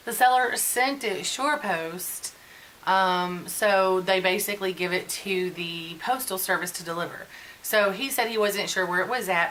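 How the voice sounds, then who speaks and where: A chatty woman in her forties, venting in a casual get-ready-with-me vlog. Her voice is bright and forceful. She sounds conversational and a little exasperated, as if talking to a friend. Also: mid-range voice, a little hiss or hum, poor audio. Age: 40s. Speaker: beauty vlogger.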